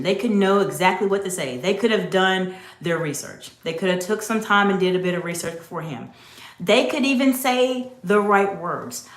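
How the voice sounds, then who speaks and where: A woman executive coach giving an instructive talk, speaking directly and emphatically to the viewer. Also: on the low side. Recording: roomy echo.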